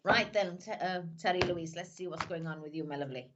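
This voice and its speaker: A woman's voice: fairly low pitch, fairly quick, highs cut off, heavy background noise. A woman, a psychic medium chatting affectionately with viewers on a live stream. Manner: chatty, calls everyone "my lovely". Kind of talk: live-stream greetings and reading.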